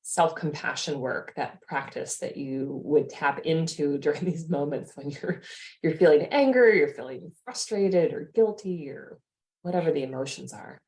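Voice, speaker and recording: A woman's voice: sits low, moderate pace, a little mellow. A woman hosting a podcast as a life coach, thoughtful and affirming as she reflects and asks questions. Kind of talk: casual podcast conversation.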